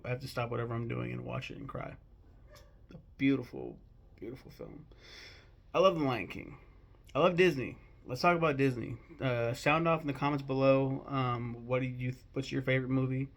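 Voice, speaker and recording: Young male vlogger, gravelly voice with vocal fry, casual and gushing with frequent cursing. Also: mid-range voice, steady tone, fairly quick. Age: 20s. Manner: candid, swears freely, emotional and gushing. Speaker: movie vlogger. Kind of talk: casual rambling film talk.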